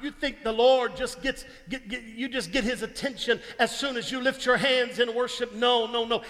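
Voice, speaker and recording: Impassioned high-voiced preacher in a reverberant church. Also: male voice, steady tone, normal speed, few pauses. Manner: impassioned, repetitive preaching that builds to shouts. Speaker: pastor. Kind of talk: sermon. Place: church sanctuary. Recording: long church-hall reverb.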